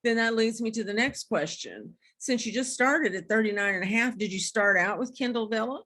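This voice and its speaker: A woman's voice: on the high side, brisk, pushed and bright. A woman hosting a podcast, asking questions in a frank, playful, casual way. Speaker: podcast host. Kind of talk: casual interview chat.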